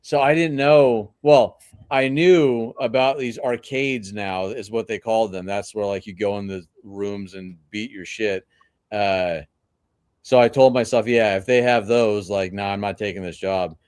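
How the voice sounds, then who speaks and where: A man joining a casual podcast chat over a video call, telling a story in a relaxed, laid-back way. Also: on the low side, a little slow, smooth, dry recording, clean studio sound.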